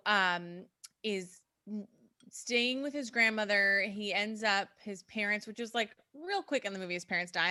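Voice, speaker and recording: Bright chatty woman podcast co-host. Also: medium pitch, dry recording, studio quality. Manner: chatty, rambling, laughs often. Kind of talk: casual chat.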